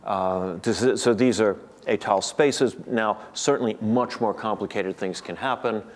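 A middle-aged American man gives an academic seminar lecture in a fairly low voice at normal speed. He's thoughtful and digressive, often restarting his sentences.

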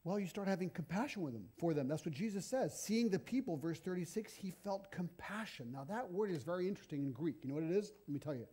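A middle-aged man preaching a sermon in a lively, conversational storytelling manner. His voice sits high for a man but has a dark, mellow tone. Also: fast talker, hardly any pauses, breathy edge.

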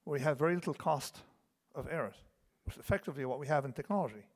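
A fast-talking keynote speaker in his fifties, with a voice on the high side, lectures digressively, restarting often and asking the audience "okay?" in his asides. The large conference hall adds a long reverb.

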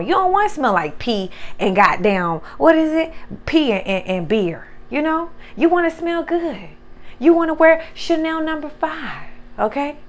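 A woman doing a casual tarot reading, profane and animated, talking straight to her viewers. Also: medium pitch. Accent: Southern US. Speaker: tarot reader.

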